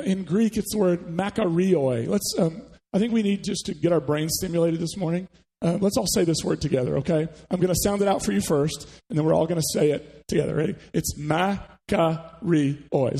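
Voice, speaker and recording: A man preaching in a church sanctuary, his voice gravelly and slightly husky. He keeps it conversational and stops to ask the congregation questions. The sound rings with the long reverb of a large hall. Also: on the high side, mellow. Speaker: pastor. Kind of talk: sermon.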